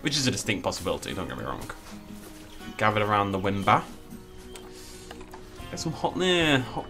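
A man's voice: fairly low pitch, wildly swooping pitch, normal speed, over music. A man giving casual, playful commentary while he plays a video game, full of jokey asides. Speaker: let's play host.

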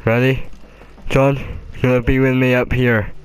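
A man's voice: mid-range voice, flat delivery, moderate pace, smooth. A young Welsh man giving casual, swear-heavy commentary on his game and chatting to his in-game pets. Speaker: gaming commentator.

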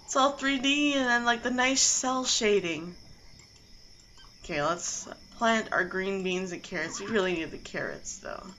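Bright-voiced woman gaming host. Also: mid-range voice, unhurried, slight background noise, poor audio. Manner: chatty, gushing. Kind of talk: casual let's-play commentary.

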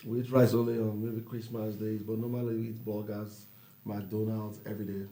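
A man's voice: on the low side, level tone, moderate pace, warm tone. A man from Nigeria, teasing his wife in casual banter on a couple's vlog. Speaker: vlog co-host. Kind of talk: casual chat.

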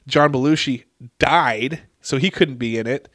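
A man hosting a casual podcast, relaxed and easily amazed by trivia his co-host shares. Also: mid-range voice, unhurried, no room sound, studio quality. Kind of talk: casual chat.

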